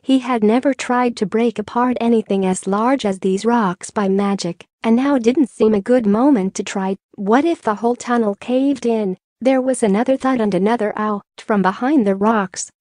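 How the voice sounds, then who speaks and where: A woman reads an audiobook in measured, even storytelling narration. Her voice sits fairly high. The recording is dry and close, with no room sound. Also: dry recording. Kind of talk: scripted narration.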